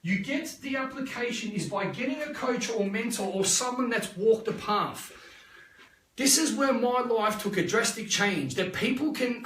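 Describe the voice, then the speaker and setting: An Australian man in a live motivational talk as a life coach, energetic and rambling, repeating himself and checking in with "yeah?". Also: extremely high pitch, moderate pace, reverberant, far from the mic. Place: live online session.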